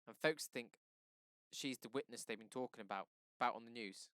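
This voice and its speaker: A man's voice: medium pitch, moderate pace, fairly bright tone, clear, resonant tone, no echo, clean studio sound, lightly acted. A man voicing a blunt, defiant neighborhood man in a read-aloud novel. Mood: indignant.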